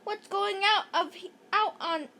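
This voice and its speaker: A woman's voice: very high-pitched, measured pace, creaky, bright, forceful tone, pitched above the performer's own voice, exaggerated voice. A woman reading aloud and voicing a flustered grown woman who leads a scout camp. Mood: alarmed.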